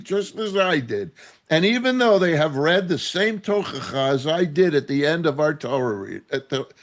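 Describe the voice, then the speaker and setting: A man's voice: sits high, fairly bright tone. A man preaching a sermon as a rabbi, indignant and impassioned, asking rhetorical questions.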